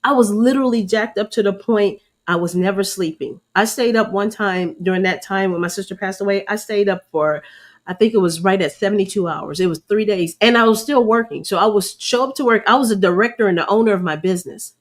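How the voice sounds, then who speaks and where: A woman's voice: medium pitch, fairly quick. A middle-aged woman, sharing a faith-based personal testimony in an earnest, preacherly way and calling her listeners y'all. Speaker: host.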